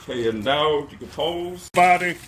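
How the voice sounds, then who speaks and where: This homeowner vlogger films a casual how-to on his phone, earnest and devout, halting and stammering as he corrects himself. His male voice runs fairly high and a bit bright, with slight background noise.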